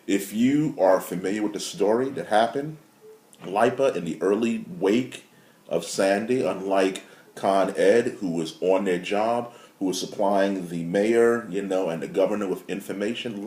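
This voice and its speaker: A man talks to camera from his apartment in a fairly low voice, getting more and more animated and emphatic as he makes his point. The room adds a clear echo around him. His tone is casual but driven. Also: unhurried. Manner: animated, rising to emphatic outrage. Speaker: marketing consultant. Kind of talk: casual video commentary.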